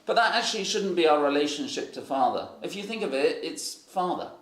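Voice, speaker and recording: A man's voice: fairly high pitch, expressive, fairly quick, fairly bright tone. Rambling preacher man in an echoey hall. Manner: rambling, many fillers and restarts. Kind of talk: sermon with storytelling.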